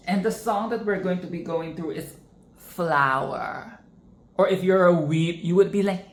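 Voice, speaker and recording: In an echoey room, a woman with a lowish voice and measured pace hosts a casual singing lesson. She's chatty, interrupts herself, and often breaks into sung, exaggerated vocal demonstrations.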